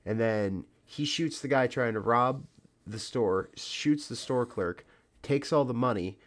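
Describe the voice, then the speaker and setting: A man's voice: medium pitch, unhurried. Man, podcast co-host, casual and blunt, swears, cuts in often. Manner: blunt, profane, jumps in to add to the story. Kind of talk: casual chat.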